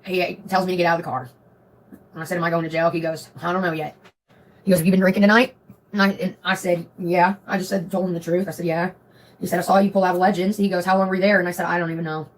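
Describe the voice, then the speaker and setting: A woman telling a story to her stream viewers in a profane, animated way. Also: on the low side, quick pace, rough recording. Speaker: livestream host.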